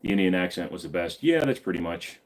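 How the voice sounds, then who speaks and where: A man in his forties with a fairly low voice answers viewer questions on a live stream. He is blunt, relaxed and swears freely. He sounds like he is chatting straight to the audience. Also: quick pace. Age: 40s. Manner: blunt, casual and profane.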